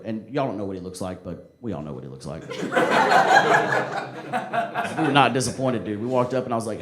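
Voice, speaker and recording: Animated young male stand-up comic. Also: fairly low pitch, very fast, hardly any pauses. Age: young adult. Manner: animated, profane, storytelling. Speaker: stand-up comedian. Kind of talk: stand-up storytelling. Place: live comedy club. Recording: noisy live club recording.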